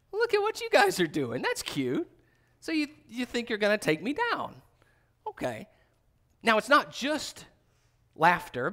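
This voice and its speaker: A middle-aged man preaching a sermon, reading scripture and acting out quoted voices with big jumps in pitch. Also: a bit bright. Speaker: pastor.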